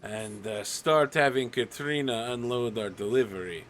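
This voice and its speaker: A man voicing a stern captain of the guard in a tabletop game. He questions and orders curtly, at an ordinary middle pitch. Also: normal speed, fairly bright tone, lightly acted. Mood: commanding. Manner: curt, ordering and interrogating.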